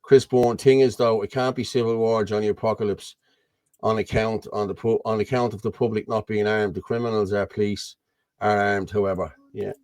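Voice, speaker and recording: A man's voice: on the low side, little pitch movement, fairly quick, darkish tone, no echo. A man with an Irish accent hosting a casual chat over a video call, rambling and often asking "you know what I mean". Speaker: host.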